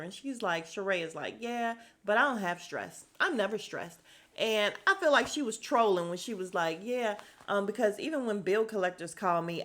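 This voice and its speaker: Animated woman recapping TV gossip. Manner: animated storytelling, acts out quotes with pitch jumps. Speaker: podcast host recapping a reality show. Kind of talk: casual chat. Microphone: podcast mic.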